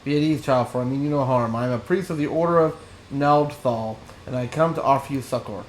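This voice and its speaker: A man's voice: mid-range voice, fairly quick, echoey room, slight background noise, close to an everyday voice, low-quality recording. A man voicing a cowardly male merchant who posed as a priest, reading his lines from a game. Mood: solemn.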